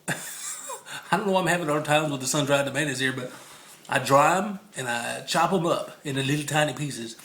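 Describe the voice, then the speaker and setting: A man's voice: fairly high pitch, normal speed, a bit bright. Chatty joking man, echoey kitchen. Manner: chatty, jokey, laughs often. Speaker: home cook filming a recipe video. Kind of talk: casual cooking demo. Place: home kitchen. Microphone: phone. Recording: echoey kitchen on a phone mic.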